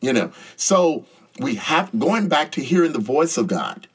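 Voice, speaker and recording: A man's voice: fairly high pitch, big pitch swings, a little slow, slightly rough. A man hosting a faith talk show, speaking earnestly in a preacherly way and addressing the audience directly. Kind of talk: casual faith talk, teaching.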